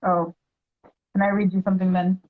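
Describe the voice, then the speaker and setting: A woman guest on a podcast, talking earnestly and reading her own poems aloud slowly and deliberately. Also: on the low side, flat delivery, narrow, tinny audio.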